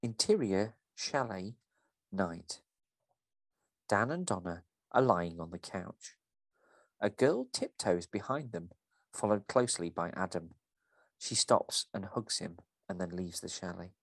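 A man's voice: low voice, animated, measured pace, vocal fry, no room sound. A man co-hosting a podcast, reading a script aloud and discussing it with a theatrical delivery.

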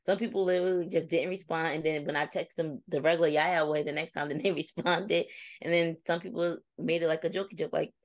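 A young woman with a low voice co-hosts a casual chat, telling stories in a reflective way. She livens up when she quotes her friends. The recording is dry and close. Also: fairly quick, dry recording. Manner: reflective, storytelling, animated when quoting friends. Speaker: co-host.

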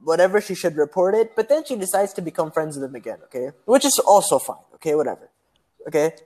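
A man's voice: on the high side, lively intonation, fast, darkish tone. A young man from Pakistan, a university student, telling a story in casual chat, acting out quotes. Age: young adult. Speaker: guest.

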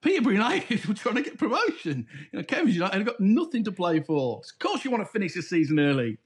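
Dry-witted podcast co-host. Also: male voice, sits high, quick pace. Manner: dry, deadpan mock-informative jokes. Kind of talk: casual banter.

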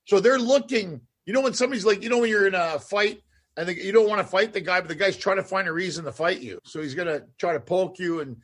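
Host, man from Canada, high husky voice, loose rambling talk. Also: fast talker. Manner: rambling, animated, trails off and restarts. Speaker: podcast host. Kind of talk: casual chat.

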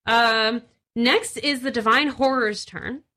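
Bright-voiced woman game master. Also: fairly high pitch, slow pace. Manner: casual, giggly, full of fillers. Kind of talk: narrating a tabletop game.

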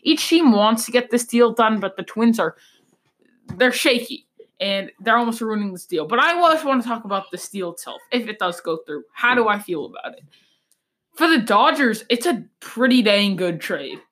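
A woman's voice: fairly high pitch, lively intonation, normal speed, fairly bright tone. A woman hosting a sports podcast, giving blunt, opinionated takes in a loose, rambling way with frequent restarts. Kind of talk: casual sports talk.

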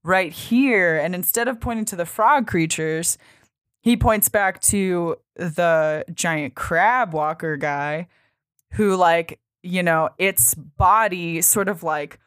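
Woman co-host, low-pitched, dry close sound, rambling casual recap delivery. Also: takes it slowly, a bit bright, dry recording. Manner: loose and chatty, heavy on filler words and swearing. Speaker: podcast co-host. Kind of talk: casual chat recapping a comic.

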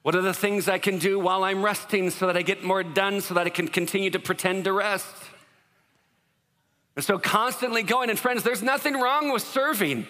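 A male pastor preaches a conversational sermon with jokes and asides, his voice bright and a little raised. He keeps questioning the congregation. A long hall reverb trails after his words. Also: sits high, fairly even intonation, moderate pace. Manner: conversational, joking, asks the crowd questions.

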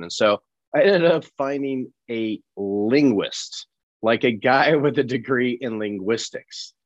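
A man from Colorado, a guest actor telling lively anecdotes in an interview and acting out the people he quotes. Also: mid-range voice, slow pace, dry recording, lo-fi sound. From Colorado, USA. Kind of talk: animated storytelling in an interview.

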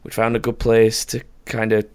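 A man's voice: lowish voice, completely flat delivery, normal speed, clear, resonant tone. A young man hosting a casual podcast chat, telling rambling stories with lots of laughing and swearing. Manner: rambling, laughing storyteller who swears freely. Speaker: podcast host.

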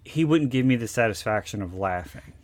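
A man's voice: fairly low pitch, lively intonation, a little fast. Rambling man telling anecdotes. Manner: rambling, many fillers and restarts. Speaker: guest recalling a film shoot. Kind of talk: casual interview storytelling.

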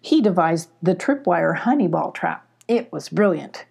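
A cheerful, talkative young girl, as a woman reading a storybook puts her on. Her chatter sounds light and friendly over a gravelly, husky base. The tone is warm and mellow rather than bright. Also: fairly low pitch, expressive, a little slow, full character voice.

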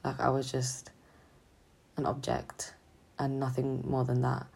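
A young woman student talking haltingly and hesitantly in a confessional vlog, sounding drained and low on energy. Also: completely flat delivery, creaky, darkish tone, slightly rough. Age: young adult. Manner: halting, hesitant, full of restarts. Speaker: student vlogger.

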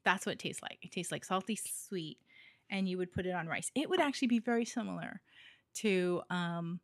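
A woman's voice: fairly low pitch, fairly quick, no echo, studio quality. A woman from Hawaii co-hosting a podcast in a casual, giggly chat full of fillers. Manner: chatty, giggly, with many fillers. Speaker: podcast co-host.

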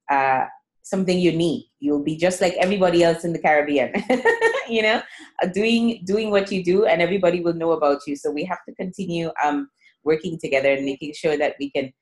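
A woman hosting a business podcast, encouraging her guest and listeners in a chatty way with fillers. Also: on the low side. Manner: warm encouraging, rambling with fillers. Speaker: podcast host. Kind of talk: podcast interview and outro.

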